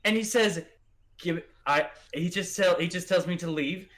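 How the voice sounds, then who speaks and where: A man's voice: high voice, normal speed, fairly bright tone. A man voicing a wounded male cart driver who stammers as he hurriedly pleads his side of the story. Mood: defensive.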